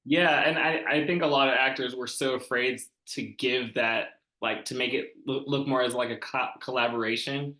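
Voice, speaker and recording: A man asking halting questions in an online seminar, packing his speech with "like" and restarts. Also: medium pitch, steady tone, sharp tone. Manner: halting, filler-heavy, says "like" constantly. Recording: echoey room.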